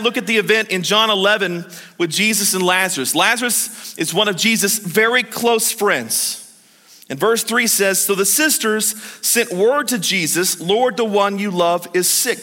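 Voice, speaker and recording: A male pastor preaching a lively, joking sermon and chuckling at his own points. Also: high voice. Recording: long hall reverb.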